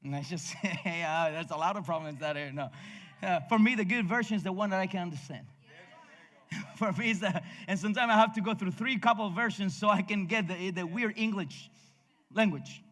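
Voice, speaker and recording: Spanish-accented male pastor, fervent rhythmic preaching, bright tone, long church reverb. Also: high voice, moderate pace. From Cuba. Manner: passionate, rhythmic preaching with frequent restarts and laughter. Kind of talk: sermon. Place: church sanctuary.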